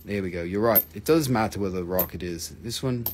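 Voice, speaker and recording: A man's voice: sits low, a little fast, noisy background. A man hosting a live crystal sale, chatting casually, joking around and swearing freely. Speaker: host selling crystals on a live stream. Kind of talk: casual live-stream sales chat.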